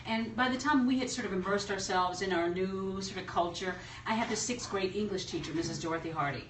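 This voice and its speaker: A middle-aged woman from the US South, a journalist guest chatting and telling stories in a lively way. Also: mid-range voice, brisk. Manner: lively, laughing storyteller. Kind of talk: casual chat. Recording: roomy echo, far from the mic, faint noise.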